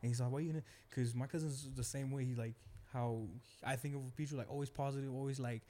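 A man hosting a casual podcast conversation, telling a story in relaxed, slangy speech. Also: mid-range voice, fast. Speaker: podcast host.

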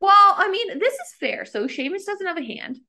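Animated, jokey woman podcast cohost. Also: very high-pitched. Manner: playful, exaggerated, quick jokey reactions. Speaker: podcast co-host. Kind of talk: casual chat, reacting to a TV episode.

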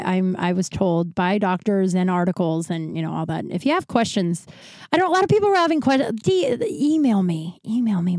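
A woman's voice: mid-range voice, a little mellow, dry recording. A woman hosting a podcast, telling stories in a candid, rambling, profane way with restarts. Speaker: podcast host. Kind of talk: casual storytelling monologue.

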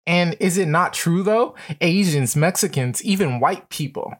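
A man's voice: on the high side, unhurried. Brash, profane man ranting on a livestream. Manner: animated, profane, swings from muttering to shouting; reads out screenshot messages and mocks them. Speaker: live-stream host. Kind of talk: ranting live-stream commentary.

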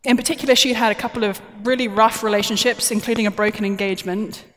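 A woman speaking from a conference stage in a chatty, joking, self-deprecating way. Her voice sits a little high and carries a long reverb from the large hall around her. It is recorded from a stage mic. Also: steady tone, fast talker. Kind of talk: plenary talk.

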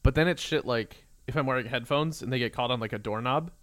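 A man co-hosting a podcast in laid-back casual chat, swearing freely and bursting into loud quoted outbursts. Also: mid-range voice, fast talker. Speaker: podcast co-host.

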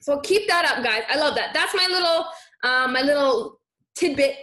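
A young woman with a high voice leads a motivational live chat, warmly pushing her viewers to step out of their comfort zone. She sounds energetic and encouraging. The room is echoey. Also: normal speed. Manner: energetic, encouraging, reads viewer comments aloud. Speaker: live stream host coaching viewers.

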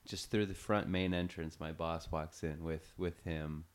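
A man's voice: low voice, fairly even intonation, unhurried. A man hosting a podcast, telling a story in a loose, profane way full of fillers. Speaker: podcast host. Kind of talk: casual storytelling chat.

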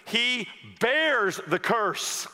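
A male preacher giving an expository sermon, dramatic, acting out the Bible figures and swinging from loud outbursts to hushed tones. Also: extremely high pitch, lively intonation, very slow. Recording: long hall reverb.

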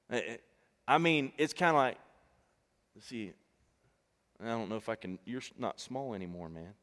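A male pastor preaching a sermon to a congregation, animated and emphatic, calling out to the people. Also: lowish voice, normal speed, in a large hall. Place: church stage before a congregation.

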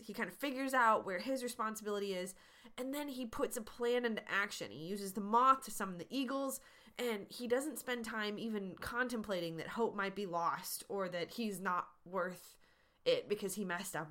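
A woman's voice: mid-range voice, bright, forceful tone. A woman hosting a podcast, answering listener questions in an earnest, encouraging, conversational way. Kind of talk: casual advice talk.

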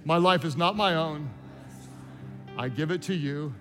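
A high-pitched male pastor speaks with a bright, forceful tone, pressing his congregation to commit. His words ring out in a large, echoing church hall while soft music plays underneath. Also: unhurried. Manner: impassioned, urging, builds from soft prayer to loud exhortation. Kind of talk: sermon with altar call and prayer.

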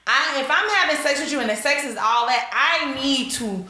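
A woman's voice: high voice, animated, normal speed, bright, forceful tone. A young adult woman co-hosting an explicit casual podcast, frank and dramatic. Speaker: podcast co-host. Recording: very echoey room.

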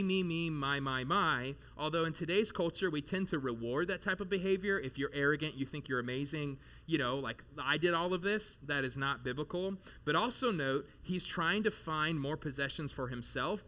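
A man's voice: a little high, a bit bright. A man in his thirties, a pastor giving a sermon in a church, talking conversationally and animatedly with casual asides. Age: 30s.

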